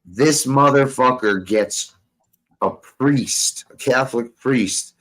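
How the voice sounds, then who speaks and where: A man's voice: mid-range voice, slow pace, fairly bright tone, poor audio. A young man hosting a casual talk show, telling a rambling story full of profanity and street slang. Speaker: podcast host.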